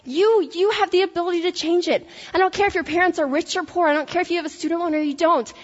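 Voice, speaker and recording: A woman with a Tennessee accent giving an energetic, faith-based motivational talk to college students, with laughing asides. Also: very high voice, fast. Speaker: speaker addressing college students. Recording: echoey hall, dull lo-fi sound.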